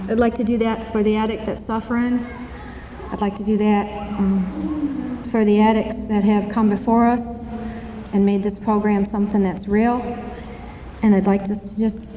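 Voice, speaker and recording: A woman's voice: medium pitch, steady tone, measured pace, a little hiss or hum. A woman giving a candid, self-deprecating personal testimony as guest speaker at a recovery meeting, joking between serious moments. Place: meeting hall. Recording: echoey hall, dull muffled sound.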